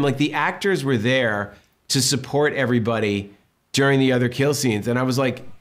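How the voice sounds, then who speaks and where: A man's voice: medium pitch, normal speed. A man in his fifties from Massachusetts, a film director telling stories in a casual interview and acting out what people said. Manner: animated storyteller acting out quotes.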